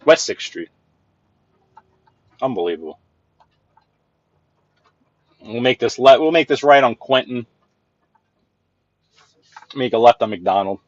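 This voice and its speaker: A man's voice: mid-range voice, lively intonation, takes it slowly, long pauses, dry recording, highs cut off. A man venting while he drives, talking to chat in a live driving vlog and repeating himself as he rants. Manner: exasperated ranting, repeats himself. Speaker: livestreamer and sales rep. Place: inside a moving vehicle.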